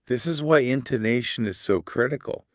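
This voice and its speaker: A man's voice: mid-range voice, moderate pace, dry recording, clean studio sound. A man co-hosting a podcast English lesson, explaining patiently with emphatic stress. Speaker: English teacher, podcast co-host. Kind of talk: scripted podcast lesson dialogue.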